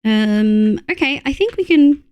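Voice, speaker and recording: A woman's voice: sits high, lively intonation, measured pace, darkish tone. An Australian woman streaming live, chatting casually with viewers as she plays, counting aloud under her breath and swearing freely. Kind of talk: casual live-stream chat while playing.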